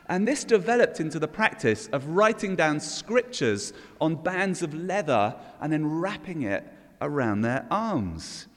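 A man preaching an all-age sermon in a church, leading the congregation in call and response. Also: fairly high pitch. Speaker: pastor. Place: church hall. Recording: long church reverb.

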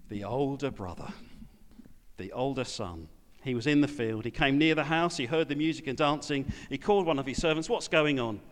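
Conversational preacher in a reverberant hall. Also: male voice, medium pitch, a little hiss or hum. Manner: conversational, asks the congregation questions. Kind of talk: sermon.

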